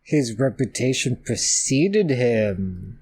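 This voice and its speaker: A man giving casual, expressive commentary while watching a movie for the first time, swearing and laughing along. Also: mid-range voice, takes it slowly, slightly rough. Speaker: movie reactor. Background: film audio playing faintly.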